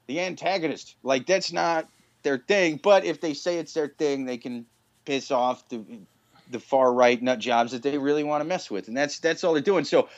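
A man's voice: mid-range voice, moderate pace, no echo, dull audio. A young man co-hosting a casual podcast chat, talking bluntly and mockingly with a lot of swearing. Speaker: podcast co-host.

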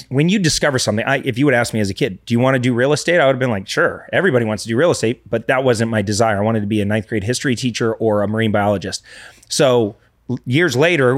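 A man in his thirties, a real estate investor talking earnestly as a podcast guest, often restarting sentences. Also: mid-range voice. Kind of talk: casual podcast conversation.

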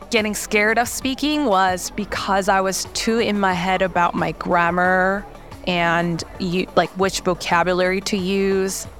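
A woman's voice: mid-range voice, fairly bright tone. Korean-born woman chatting in an interview. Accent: light Korean. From South Korea. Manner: chatty, many fillers, laughs often. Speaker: startup founder, interview guest. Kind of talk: casual interview talk.

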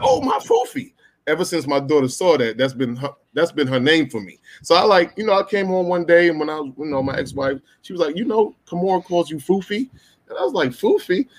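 A man in his forties on a casual podcast, telling a story in a warm, slangy way. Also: medium pitch. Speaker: podcast co-host. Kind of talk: casual chat among friends.

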